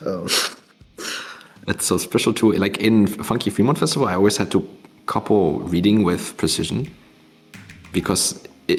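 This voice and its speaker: A man's voice: sits low, creaky. A man casually talking through tournament maps on a live stream, rambling with many fillers and restarts. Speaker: tournament mappool showcaser.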